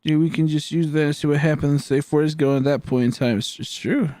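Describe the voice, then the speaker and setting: A man's voice: on the high side, steady tone, fast talker, mellow, no echo, studio quality. Tired, joking man streaming games. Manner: goofy, joking banter with silly rhymes. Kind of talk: casual live-stream chat.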